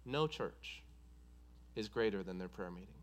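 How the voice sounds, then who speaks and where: A man's voice: fairly low pitch, lively intonation, normal speed. A man preaching a sermon, driving points home with an emphatic, repetitive cadence.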